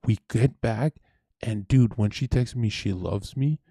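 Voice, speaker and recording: Dark-voiced profane Canadian man telling stories. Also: fairly low pitch, a little slow, no echo. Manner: animated, profane, acts out quoted voices. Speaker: streamer host. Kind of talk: casual storytelling chat.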